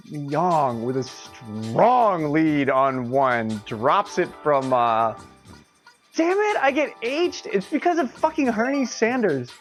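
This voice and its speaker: Lively, high-voiced male game streamer. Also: takes it slowly, soft background music. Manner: laughs often, swears freely. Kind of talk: casual live game commentary.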